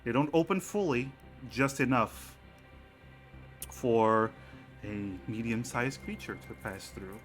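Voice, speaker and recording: A man narrating a tabletop game as game master, in a slow, unhurried way. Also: mid-range voice, faint music behind.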